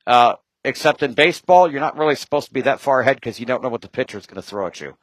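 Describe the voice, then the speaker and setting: A man talking as a guest in casual chat, rambling from point to point with quick asides and jokes. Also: medium pitch, animated, no room sound, rough recording.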